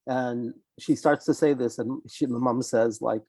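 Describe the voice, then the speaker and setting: A man's voice: medium pitch, fairly even intonation, a little slow, mellow, no echo. An older man, a psychologist guest, telling a case story in conversation and acting out his clients' lines with animation.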